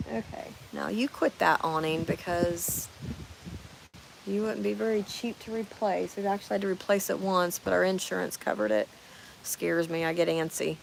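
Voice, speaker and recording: Lady in her 40s doing a live chat, lowish gravelly voice, talks right to folks. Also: steady tone, moderate pace, noisy background. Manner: chatty, talks straight to viewers. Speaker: livestream host reading comments. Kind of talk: casual chat. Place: camper while on a camping trip.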